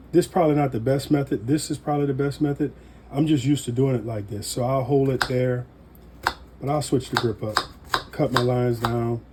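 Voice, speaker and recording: A man giving a casual cooking demonstration in a relaxed, folksy way with joking asides. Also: mid-range voice, a little hiss or hum. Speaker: home cook demonstrating knife skills.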